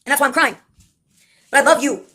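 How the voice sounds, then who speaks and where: A woman mimicking a clingy, jealous best friend who pleads in a raised, higher voice. She talks in a whiny, insistent way, pushing therapy labels at her roommate. The voice stays close to the woman's own. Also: quick pace, sharp tone. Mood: pleading.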